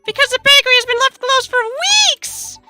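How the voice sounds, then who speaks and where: A woman voicing a frazzled, overworked female brownie baker from fair folk, in an excitable squeaky voice. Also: brisk, over loud music. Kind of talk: voice-acting a visual novel.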